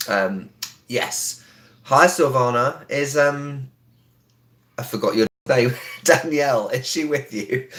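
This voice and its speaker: A man hosting a casual live stream from home, talking quietly with a sore throat, greeting viewers with lots of ums. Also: mid-range voice. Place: indoors in a home.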